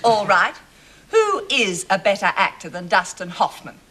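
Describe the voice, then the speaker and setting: A woman's voice: medium pitch, big pitch swings, a little slow. An actress playing a scornful wife who cuts her husband down with sarcastic remarks in a sitcom. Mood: heated. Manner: cutting, sarcastic put-downs. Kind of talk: sitcom acting. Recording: hiss on old TV audio.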